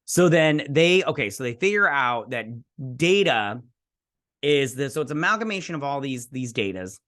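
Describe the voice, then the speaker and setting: A man's voice: medium pitch, sing-song, moderate pace, a bit bright, no echo, clean studio sound. A man hosting a review show, recapping an episode casually in a rambling way, full of fillers, paraphrasing characters in his own voice.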